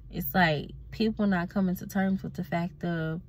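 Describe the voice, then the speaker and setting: A woman's voice: fairly low pitch, steady tone, moderate pace. A sleepy woman, ranting bluntly and profanely in a casual vlog as a self-reflection coach. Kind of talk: casual vlog talk to camera.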